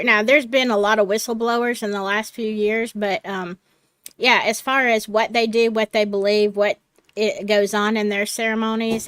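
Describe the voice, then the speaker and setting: A woman hosting a casual panel chat, slow and chatty, laughing easily. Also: fairly high pitch, fairly bright tone, no echo. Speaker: host.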